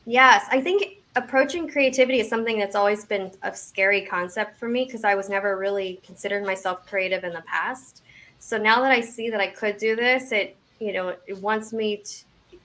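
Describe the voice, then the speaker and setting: A woman's voice: mid-range voice, normal speed, a bit bright. A woman around forty, guesting on an interview as a memoir author, talking casually with lots of restarts and self-deprecating asides.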